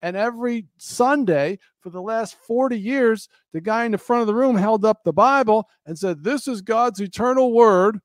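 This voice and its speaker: High-voiced man, impassioned monologue. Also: moderate pace, hardly any pauses, no echo. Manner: earnest, preacherly, repeats phrases for emphasis.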